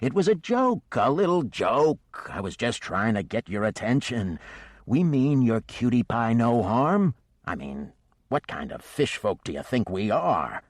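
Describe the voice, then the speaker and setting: A man's voice: mid-range voice, sing-song, measured pace, no room sound, clean studio sound, voice pushed up. A man voicing a boisterous male fish-man sea skipper who hollers and teases. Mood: placating. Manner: hollers loudly, teasing.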